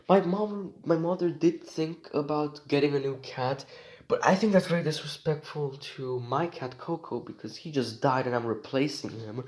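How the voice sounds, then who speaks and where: A man's voice: on the high side, darkish tone, low-quality recording. A man, talking outdoors in a rambling personal vlog, meandering and repeating himself with plenty of fillers. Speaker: vlogger.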